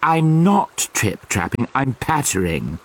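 A man's voice: mid-range voice, very animated, takes it slowly. A man voicing a small, timid mouse in a storybook reading, speaking politely and pleadingly. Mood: matter-of-fact. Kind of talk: storybook character voice.

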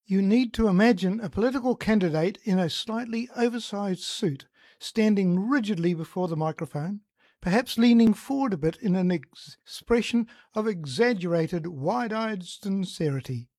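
A presenter with a New Zealand accent talks in an easy, conversational way, with the odd filler. The voice sits at a middle pitch and sounds dry and close to the mic. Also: lively intonation, moderate pace, darkish tone, no echo. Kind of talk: casual explanatory talk.

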